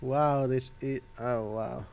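A man's voice: mid-range voice, steady tone, slow, creaky, a little mellow, a little hiss or hum. A man doing casual let's-play commentary, sarcastic and swearing as he laughs at the game. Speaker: gameplay commentator.

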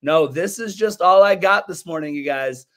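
A man co-hosting a casual soccer podcast, his voice hoarse from cheering, telling stories in an animated, rambling way. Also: on the high side, normal speed. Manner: rambling, animated storytelling with restarts. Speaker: podcast co-host. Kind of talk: casual sports podcast chat.

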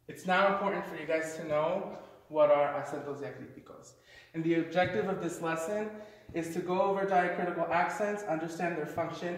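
A man with a fairly high voice explains a Spanish lesson in a relaxed, conversational way, with the odd filler. He sounds some distance from the mic, in a strongly echoing room with a long reverb tail. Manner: casual, explanatory, uses fillers. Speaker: Spanish teacher. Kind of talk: classroom lesson. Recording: echoey room, mic far off.

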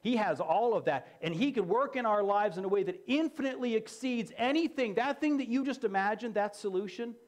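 A man preaching a sermon as pastor, emphatic and repeating key phrases for effect. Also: high-pitched.

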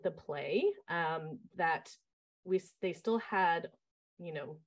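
Casting note: camp director, woman, fairly low voice, chatty and animated, telling camp stories with lots of ums. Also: slow pace, highs cut off. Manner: lively, acts out quoted voices, many fillers. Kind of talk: casual interview storytelling.

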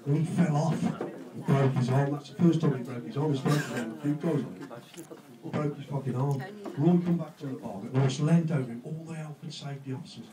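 Crude comic in a roomy hall. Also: male voice, on the high side, a little fast, crowd noise. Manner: crude, swearing, laughs at his own jokes. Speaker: stand-up comedian. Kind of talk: stand-up joke telling. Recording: roomy, distant, noisy live recording.

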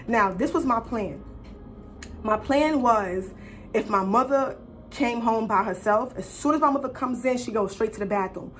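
Animated, foul-mouthed young woman storyteller. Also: fairly high pitch, moderate pace, slight background noise. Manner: animated, profane, slangy. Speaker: vlogger. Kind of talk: casual storytelling.

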